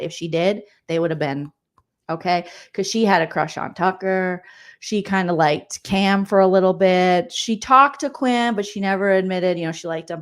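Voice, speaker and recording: A woman hosting a live-stream recap of a reality show, chatting casually and joking with a sassy edge. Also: lowish voice. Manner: sassy, joking, acts out quoted people.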